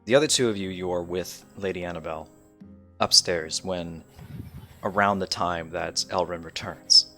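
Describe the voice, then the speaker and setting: Brief: deep-voiced male game master, forceful tone, loose narration, faint music under him. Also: moderate pace. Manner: loose, descriptive narration with fillers.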